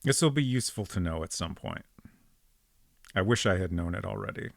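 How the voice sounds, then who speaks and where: A man's voice: sits low, animated, brisk, vocal fry, no echo, clean studio sound. A man streaming an old detective game, thinking aloud in a casual, rambling way with frequent ums as he works things out. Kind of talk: casual let's-play commentary.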